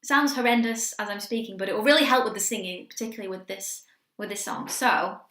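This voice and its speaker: A young woman coaching singers in a quick lesson, chatty and encouraging, breaking into sung demonstrations. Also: mid-range voice, sharp tone, reverberant. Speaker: vocal coach.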